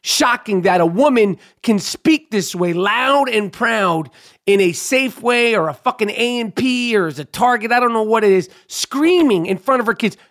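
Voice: medium pitch, animated, normal speed, fairly bright tone. An angry podcast host speaks into a studio mic in a mid-range voice. The delivery is a profane rant, full of stammers and restarts. Phrases get repeated for emphasis. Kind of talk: angry monologue commentary.

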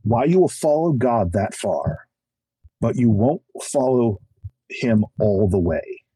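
Animated husky middle-aged man. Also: mid-range voice, no room sound, rough recording. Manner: emphatic and preachy, acts out quick voices; self-deprecating humor. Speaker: podcast guest. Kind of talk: animated conversational testimony.

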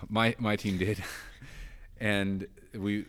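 An American man hosting a podcast, moving from an upbeat scripted intro into relaxed, joking banter with a guest. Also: fairly low pitch, drawn-out words. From United States. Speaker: podcast host. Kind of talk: casual podcast chat.

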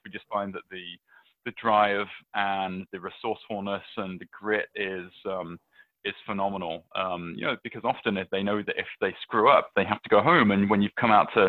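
Low-voiced British man on a tinny line. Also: no room sound. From England. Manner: chatty, many fillers and restarts, storytelling. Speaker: venture capitalist guest. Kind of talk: casual interview answers. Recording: dry, tinny phone-like line.

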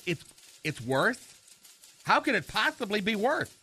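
A man's voice: high-pitched, very animated, measured pace, sharp tone, breathy edge, heavily acted. A man playing a campy, fussy, flamboyant gay character in a radio comedy sketch, chattering to unseen people. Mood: gossipy.

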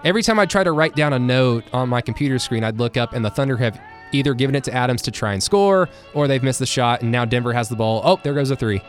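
A man's voice: medium pitch, lively intonation, quick pace, faint music behind. A man co-hosting a post-game sports podcast in casual, joking chat, recapping plays with fillers and restarts. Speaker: podcast co-host.

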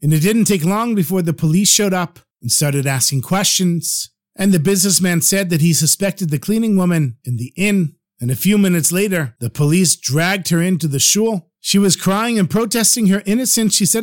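A man telling a religious folk tale in a slow, dramatic storytelling manner. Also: on the high side, animated, no echo, studio quality.

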